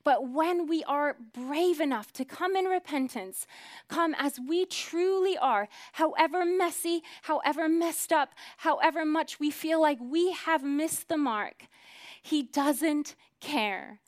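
A woman in her thirties preaching a sermon, earnest, dropping to hushed whispers and then rising to emphatic swells. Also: high-pitched, slow pace.

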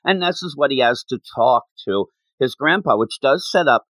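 A man co-hosting a podcast, talking casually about a manga, animated and laughing often as he acts out lines. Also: medium pitch, moderate pace, no echo. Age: adult. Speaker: podcast co-host.

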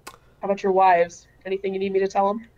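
A woman playing her character in a tabletop game, chatty and playful with quick questions. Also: mid-range voice, flat delivery, warm tone, dull audio. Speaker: player.

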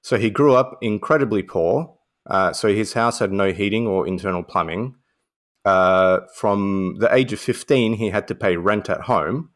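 A man with a lowish voice tells film trivia on a podcast in an easy, unhurried storytelling manner. He sounds casual and conversational. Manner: relaxed storytelling, uses "mate". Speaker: podcast co-host.

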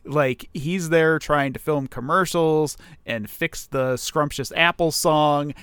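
A man's voice: fairly high pitch, slow pace, a bit bright, smooth, no room sound. A man co-hosting a film podcast, casually recapping the plot with dry sarcasm and frequent laughs. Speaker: podcast co-host. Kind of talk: casual movie review chat.

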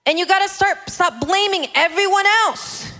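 A woman preaching a sermon in an animated way, acting out other people's voices as she tells stories. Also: very high-pitched, moderate pace, big-room sound. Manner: animated, acts out voices of her kids and God.

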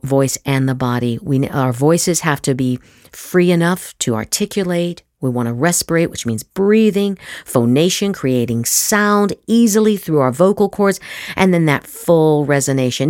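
A middle-aged woman giving an acting master class, emphatic and lively, slipping into demonstration voices. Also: low-pitched, no room sound, studio quality. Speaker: acting teacher.

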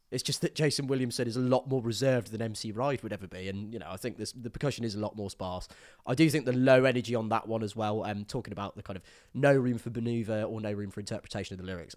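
A man co-hosting a casual music podcast, giving measured opinions between short agreements. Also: fairly low pitch, dry recording, clean studio sound. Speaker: podcast co-host. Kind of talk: casual music review chat.

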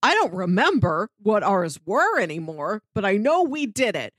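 Woman, mid pitch, chatty podcast co-host, dry close sound. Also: big pitch swings, normal speed, a bit bright, dry recording. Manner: chatty, laughing easily. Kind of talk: casual podcast chat.

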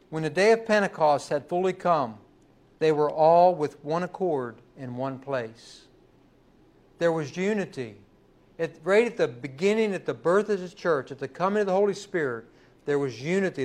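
Male pastor, slightly higher voice, emphatic sermon delivery in church. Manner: emphatic preaching, rising and slowing on key words.

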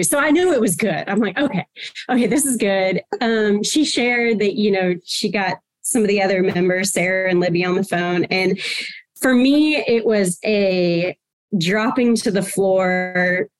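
Woman podcast guest, animated storyteller, quotes others as she goes. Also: medium pitch. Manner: animated, emotional retelling with quoted dialogue. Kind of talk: storytelling in a casual interview.

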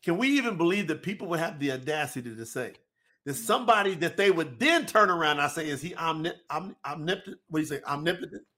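A man with a high, bright, ringing voice teaches about scripture translation. He drives each point home emphatically and keeps throwing rhetorical questions at his listeners. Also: expressive, fast. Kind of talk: religious teaching talk.

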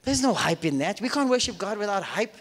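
A man's voice: high-pitched, big pitch swings, brisk, a bit bright. A male pastor preaching a sermon to a live congregation, firing rhetorical questions at them and acting out their doubts in quoted voices. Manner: acts out listeners in quoted voices. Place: church auditorium with live congregation. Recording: reverberant church hall.

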